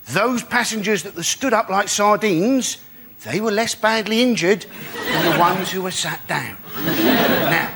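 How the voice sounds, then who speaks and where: A man's voice: high-pitched, sharp tone. A man delivering sardonic topical comedy on a panel show, full of rhetorical questions. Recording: noisy studio recording.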